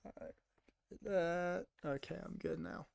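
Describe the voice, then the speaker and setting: A man's voice: on the high side, takes it slowly, gravelly, a little mellow, no echo. A young man rambling casually to his chat while streaming a game. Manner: rambling, chatty, talks to chat.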